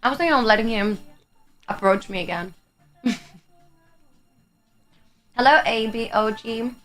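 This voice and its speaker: This livestreamer is a young Greek woman, a native Greek speaker, with a slightly high, fairly bright voice and an unhurried delivery. She chats with her live audience, laughing often and swearing casually, as faint music plays in the background.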